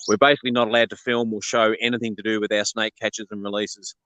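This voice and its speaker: Australian man, guest caller, smooth clear voice, dry close sound. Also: on the low side, quick pace, dry recording, highs cut off. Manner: relaxed, rambling, hesitant fillers. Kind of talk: casual chat.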